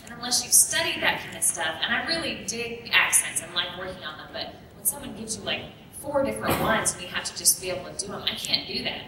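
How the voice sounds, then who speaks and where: A woman voice actress chats in an upbeat, rambling way on a convention panel. Her voice carries from a distance through a very echoey room. Room hiss sits clearly under her words. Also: mid-range voice, expressive, fast, hardly any pauses. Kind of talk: casual panel talk. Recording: echoey hall recording from far off. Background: room ambience.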